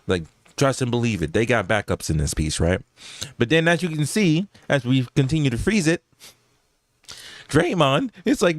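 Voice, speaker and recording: A man's voice: mid-range voice, sing-song, measured pace, no room sound, studio quality. A man giving casual, slangy reaction commentary over basketball footage, laughing often and talking straight to his viewers. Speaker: YouTube sports commentator.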